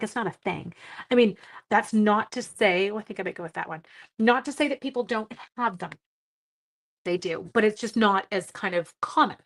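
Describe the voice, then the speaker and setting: A woman's voice: medium pitch, poor audio. Middle-aged woman, livestream craft host, chatty and rambling, talks straight to her viewers. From Canada. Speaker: card-making livestream host. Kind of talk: casual chat while crafting.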